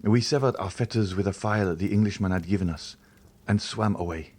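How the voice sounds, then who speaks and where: A man narrating a classic novel audiobook in a measured, expressive way. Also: lowish voice, a little hiss or hum. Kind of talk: scripted narration.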